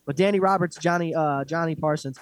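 Male podcast co-host, loud profane rants, slightly high voice. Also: a little fast. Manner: blunt, profane, animated ranting. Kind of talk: casual fight recap chat.

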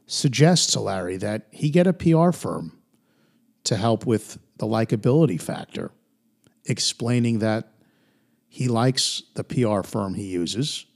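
Male podcast host, gravelly and husky, lively recap delivery. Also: lowish voice. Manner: animated retelling with put-on quote voices. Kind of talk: episode recap.

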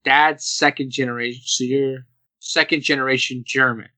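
A young man hosting a casual podcast chat, animated and laughing, acting out the people he quotes. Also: medium pitch, normal speed, dry recording, poor audio. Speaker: podcast host.

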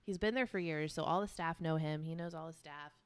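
A young woman co-hosting a casual podcast chat, telling a work story in an animated way and swearing casually. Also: low voice, brisk, clean tone, no echo. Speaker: podcast co-host.

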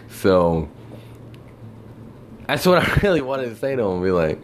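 A low-pitched man rants through a storytime about work, his voice swinging widely as he gets worked up. He swears constantly and slips into the voices of the people he is quoting, sounding exasperated throughout. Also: measured pace, long pauses, a little hiss or hum. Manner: animated, mimics people in quotes. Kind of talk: casual storytime rant.

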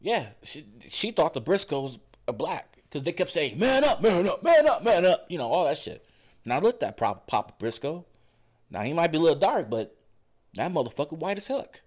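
A man talking off the cuff on his podcast, his pitch jumping around a lot as he rambles. He swears freely and trips over restarts and fillers. The recording sounds dull and lo-fi. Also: big pitch swings, moderate pace. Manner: profane, meandering, lots of fillers and self-corrections. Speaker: podcast host. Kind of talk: casual rambling monologue.

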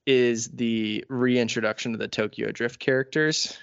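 A man's voice: mid-range voice, steady tone, unhurried, gravelly, clean tone, no room sound. Joking man, dry lo-fi sound. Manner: joking, teasing, does mock ads. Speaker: podcast co-host. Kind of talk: casual chat. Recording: dry, dull lo-fi podcast audio.

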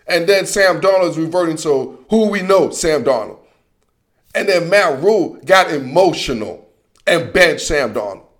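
A man hosting a casual football opinion monologue, animated and slangy, repeating himself and talking straight at the people he criticizes. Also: fairly high pitch, moderate pace. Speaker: sports commentary host.

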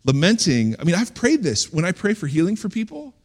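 A man preaching a sermon as a pastor, in a conversational, animated way with sudden loud outbursts. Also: high-pitched, brisk, few pauses.

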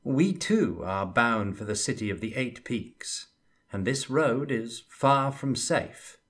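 A man's voice: medium pitch, lively intonation, slow pace, fairly bright tone, husky, voice pushed up, exaggerated voice. A man voicing a wary young adventurer.

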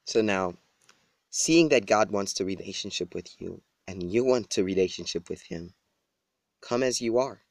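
A man's voice: lowish voice, lively intonation, normal speed, vocal fry, no echo. A man giving a personal devotional talk, earnest and coaxing, with small laughs and restarts. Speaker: preacher.

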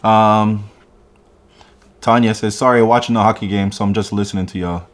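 A young man with a lowish voice chats loosely on a livestream podcast. He swears freely and reads viewer comments aloud. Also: steady tone, moderate pace. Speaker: podcast co-host. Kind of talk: casual livestream chat.

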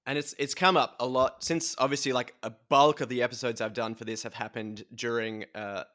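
An Australian man hosting a podcast, chatting casually and telling animated stories. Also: mid-range voice, a little fast. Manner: storytelling, animated. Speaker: podcast host. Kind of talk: casual chat.

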